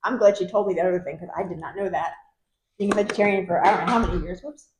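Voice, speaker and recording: A woman with a New York accent co-hosting a casual chat, playful and teasing and quick to laugh. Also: on the low side, crowd noise. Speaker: co-host. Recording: echoey room.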